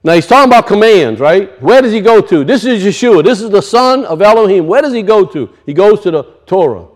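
A man's voice: high voice, expressive, fairly quick. A male pastor preaching a sermon, emphatic, with rhetorical questions and casual asides.

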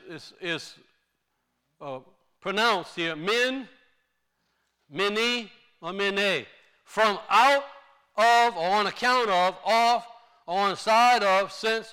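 Male preacher, high clear voice, slow deliberate sermon delivery. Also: bright, forceful tone. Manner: slow, deliberate teaching with emphatic rises.

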